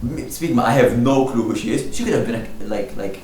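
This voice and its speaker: A man's voice: medium pitch, animated, fairly quick, darkish tone. A young man who hosts a podcast, chatting casually, rambling and joking with frequent laughs. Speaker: podcast host. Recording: roomy echo, distant mic, faint noise.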